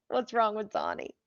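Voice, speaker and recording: A woman's voice: fairly high pitch, a bit bright, no echo, dull audio. A woman hosting a live stream, chatting casually to her viewers, swearing freely and laughing often.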